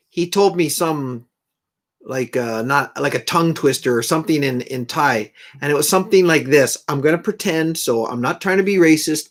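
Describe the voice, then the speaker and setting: A man's voice: fairly high pitch, a bit bright. A middle-aged man hosting a live stream, chatting casually and rambling to viewers in a folksy way between songs. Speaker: live stream host and guitar player.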